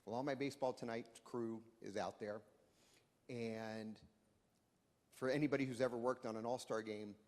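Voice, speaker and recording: A man from the audience telling an animated work story at a panel discussion. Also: mid-range voice, normal speed, pauses often. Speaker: audience member sharing a story. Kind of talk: anecdote told at a panel. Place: conference hall. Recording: echoey conference hall.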